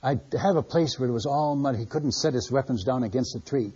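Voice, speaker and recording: A man's voice: mid-range voice, fairly quick, a little mellow, husky. An older man and missionary preacher, telling stories in a folksy, conversational sermon style with a chuckle in his voice. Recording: dull lo-fi sermon recording.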